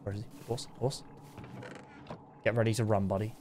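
A young man giving excitable, jumpy gameplay commentary, yelping when startled and talking to his horse. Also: on the low side, rapid-fire, background noise. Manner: jumpy, excitable, talks to his horse, sudden yelps of fright. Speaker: gaming YouTuber.

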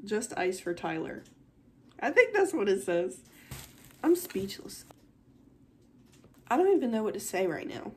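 Young woman vlogger, husky and chatty. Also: medium pitch, very animated, normal speed. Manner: chatty and gushing, often near tears. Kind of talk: casual unboxing vlog.

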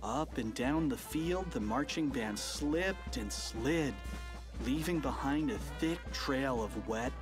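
Slow, lively children's audiobook narrator. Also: medium pitch, over music. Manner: animated, playful storytelling.

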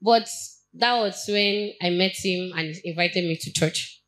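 A young adult woman with a Nigerian accent, giving a personal testimony at a church Bible study in an earnest, halting way, often restarting her sentences. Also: on the low side, fairly bright tone, rough recording.

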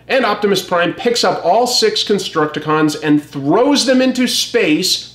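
A man giving casual, wry commentary on a comic as a review host. His voice sits a little on the high side. The room adds a noticeable echo. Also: lively intonation, unhurried, fairly bright tone.

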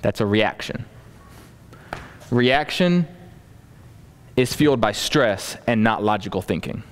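A man preaching a storytelling sermon to a congregation, animated, acting out scenes and adding folksy asides. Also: mid-range voice, takes it slowly, pauses often. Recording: long hall reverb.

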